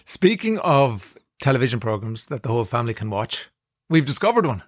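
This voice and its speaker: A man's voice: mid-range voice, very animated, a little fast, no echo, clean studio sound. A man in his fifties with an Irish accent, hosting a radio talk show in casual chat. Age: 50s. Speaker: radio host.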